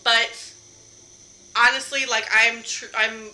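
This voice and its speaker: A woman's voice: a little high, little pitch movement, takes it slowly, bright, forceful tone, low-quality recording. A young woman streaming a game from home, chatting casually with her viewers, laughing often and swearing lightly. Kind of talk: casual live-stream chat while gaming.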